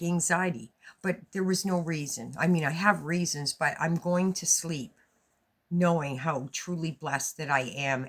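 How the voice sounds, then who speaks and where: A woman vlogger telling a story to her viewers in a casual, animated way, swearing as she goes. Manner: animated, swearing, rises high when retelling her own lines.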